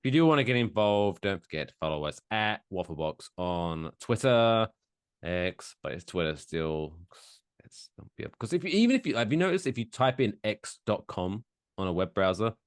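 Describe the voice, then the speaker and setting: Lively, low-voiced man cohosting a podcast. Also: clear, resonant tone, no echo, clean studio sound. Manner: playful, announcer-style build-ups with drawn-out names. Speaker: podcast co-host. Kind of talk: casual podcast banter.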